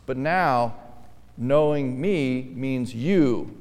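Very slowly, a pastor delivers his sermon in a smooth, resonant man's voice as a long reverb carries each phrase through the hall. He preaches emphatically, alternating quiet, low asides with forceful, stressed lines that hammer his points home.

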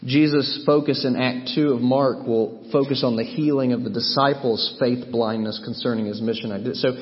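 A man's voice: medium pitch, steady tone, normal speed. Man, Bible teaching sermon, emphatic, restarts mid-thought, long hall echo, muffled sound. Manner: emphatic, thinking aloud with restarts.

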